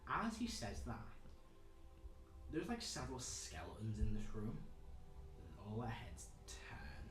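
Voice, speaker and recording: Game master, man, animated casual narration, roomy echo. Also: fairly low pitch, unhurried, slight background noise. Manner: casual, lively scene description. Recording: echoey room.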